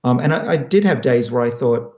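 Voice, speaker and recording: A man's voice: mid-range voice, lively intonation, fairly quick, warm tone. Man, 50s, from Australia, scientist, thoughtful explainer, roomy, muffled audio. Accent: Australian with American-sounding turns. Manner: thoughtful, explanatory, frequent restarts. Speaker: scientist guest. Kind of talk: answering audience questions in a live Q&A.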